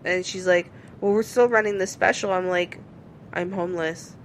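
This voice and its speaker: A woman's voice: on the low side, normal speed, a little hiss or hum. A woman co-hosting a casual podcast, telling stories with lots of swearing and acting out both sides of phone calls. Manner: animated storyteller, swears freely, acts out both sides of calls. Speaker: podcast co-host. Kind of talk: casual chat.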